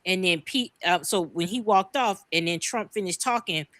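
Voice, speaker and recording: A woman's voice: medium pitch, moderate pace, fairly bright tone, no echo, studio quality. A woman from the United States co-hosting a podcast, ranting in a profane, fired-up way. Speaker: podcast co-host. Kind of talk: heated casual podcast talk.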